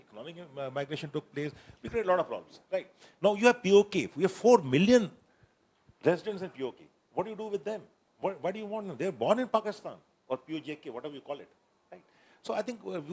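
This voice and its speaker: A man's voice: a little high, a little mellow. A man, a retired army general speaking directly on a panel. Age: 60s. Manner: direct, soldierly, thinks aloud. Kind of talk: panel discussion.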